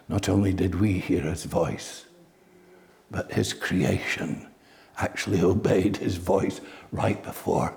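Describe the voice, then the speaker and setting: Man, preacher, sermon, slow, gravelly, emphatic. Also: low-pitched. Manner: slow, rising to loud emphatic peaks.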